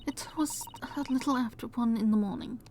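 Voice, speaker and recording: A woman voicing a timid, nervous young woman with a put-on Russian accent, speaking in a hushed, halting way. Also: fairly high pitch, background noise, natural voice. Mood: anxious. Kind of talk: reading game dialogue aloud in voices.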